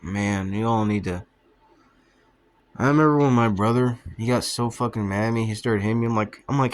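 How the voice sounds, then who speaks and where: A young male vlogger with a mid-range voice talks a little fast, spinning loose, rambling stories about his childhood. His manner is profane and offhand, and he keeps laughing at his own tales.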